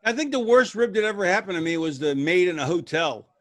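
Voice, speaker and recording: Casting: man, high voice, dry close sound, rambling anecdote-teller, loose and casual. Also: fast, no room sound. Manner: rambling, restarts, lively retelling with voices. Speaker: retired wrestler guest. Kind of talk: casual storytelling.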